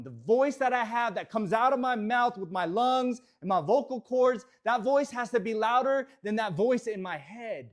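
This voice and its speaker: A very high-pitched male voice at normal speed leads a motivational talk for a real estate team. Set in an office, the delivery is energetic, moving from hushed reflection to shouted affirmations.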